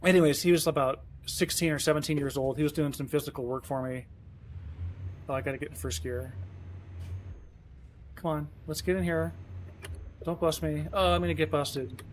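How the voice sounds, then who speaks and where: A man's voice: fairly high pitch, normal speed, pauses often, slight background noise. A man streaming a truck game, chatting casually and rambling, often chiding himself as he plays. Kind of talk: casual live-stream commentary.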